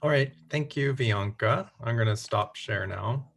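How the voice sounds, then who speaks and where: A man takes over as host of a video-call session to moderate the next part. He talks slowly and in a relaxed way, his voice at an ordinary male pitch. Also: creaky, a little hiss or hum.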